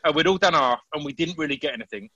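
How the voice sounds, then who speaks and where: A man telling stories in a casual chat, animated, with frequent restarts. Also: fairly high pitch, very fast, dry recording, lo-fi sound.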